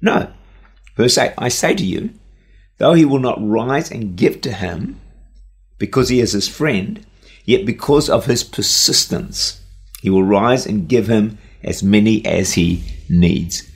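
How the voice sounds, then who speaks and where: A man preaching a radio sermon, telling a story earnestly and slowing down for emphasis. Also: fairly low pitch.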